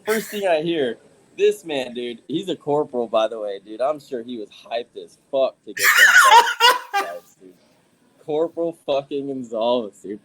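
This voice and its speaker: A man's voice: mid-range voice, wildly swooping pitch, moderate pace, very noisy. Man saying "dude" constantly. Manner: says "dude" constantly, crude banter. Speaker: guest. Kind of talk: casual chat.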